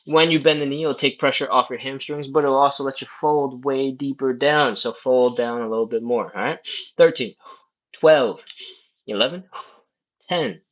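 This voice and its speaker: Male mobility coach, mid-pitched, calm live cueing, lo-fi stream audio. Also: fairly quick. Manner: calm, coaching, counting breaths and reps. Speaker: stretching instructor. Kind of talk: live workout instruction. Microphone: livestream setup.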